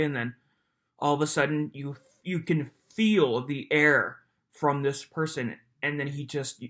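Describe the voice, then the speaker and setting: A video commentator reacting to courtroom footage in an animated rant full of swearing. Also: mid-range voice.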